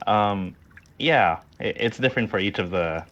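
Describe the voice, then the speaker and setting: Deep-voiced man with a dull lo-fi mic. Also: moderate pace, fairly bright tone. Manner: hesitant, full of ums and uhs. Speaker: player. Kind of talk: tabletop game chat, describing his character's actions.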